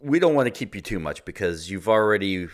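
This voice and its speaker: A man hosting, chiming in quietly with brief remarks and a closing thank-you. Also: lowish voice, expressive, fairly quick. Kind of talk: casual chat.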